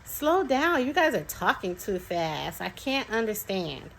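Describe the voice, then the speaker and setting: A woman voicing her young toddler daughter, a small, eager and bossy girl, in a high childlike voice. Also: very animated, a little slow, vocal fry, a bit bright, full character voice, poor audio.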